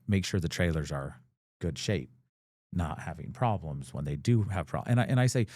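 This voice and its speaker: Low rambling man telling stories. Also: mellow, dry recording, clean studio sound. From United States. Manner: rambling, full of "like" fillers, acts out quoted dialogue. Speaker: business owner, guest. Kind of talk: casual storytelling interview.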